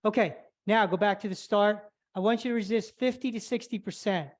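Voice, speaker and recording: A woman's voice: mid-range voice, brisk. Woman, stretch instructor, step-by-step movement cues, a bit out of breath. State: slightly out of breath. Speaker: flexibility instructor. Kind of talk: live online exercise class instruction.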